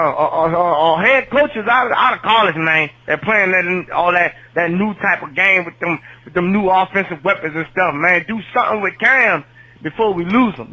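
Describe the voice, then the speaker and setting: A man's voice: sits high, sharp tone, lo-fi sound. A man calling in to a podcast, venting in a fed-up, cursing drawl. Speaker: caller. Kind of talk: fan call-in rant.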